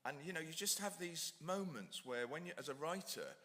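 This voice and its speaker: A middle-aged man with a bright, forward voice tells meandering stories in a chatty, self-mocking way, then reads aloud from his book. The sound rings with the long reverb of a hall, as at a public talk. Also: on the high side, lively intonation, moderate pace. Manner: digressive, chatty, self-deprecating. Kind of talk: casual anecdote, then reading aloud. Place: lecture hall at an ideas festival.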